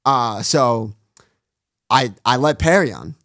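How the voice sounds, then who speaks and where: A man who runs his own online show appears as a podcast guest in a casual storytelling interview. His mid-range, expressive, fairly bright voice is studio quality with no room sound, as he retells stories quickly, acts out quoted dialogue, and leans heavily on "like."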